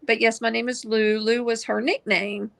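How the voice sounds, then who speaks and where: Gravelly bright-voiced woman on a phone. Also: fairly high pitch, level tone, moderate pace, no echo. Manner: easygoing, reads comments aloud. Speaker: guest crafter. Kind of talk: casual livestream chat.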